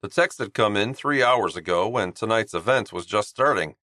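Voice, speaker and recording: A man narrating an audiobook in a steady, even storytelling manner on a close studio mic. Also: on the low side, moderate pace, no room sound. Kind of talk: scripted narration.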